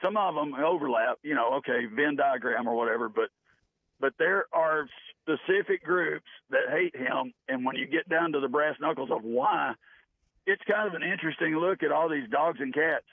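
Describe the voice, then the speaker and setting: A man's voice: on the high side, moderate pace, no room sound. A man from Tennessee calling in to a radio show, losing his voice, earnest and chatty. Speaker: caller. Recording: tinny phone line.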